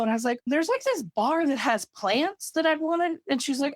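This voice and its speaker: A woman's voice: on the high side, moderate pace, dry recording. A woman co-hosting a podcast in casual chat, telling long rambling stories, peppered with "like" and casual swearing. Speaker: podcast co-host.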